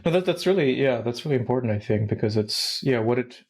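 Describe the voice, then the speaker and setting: A man's voice: medium pitch, expressive, fast, darkish tone. A man hosting an interview over a video call, thinking aloud and searching for his words as he responds. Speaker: podcast host. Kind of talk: casual interview.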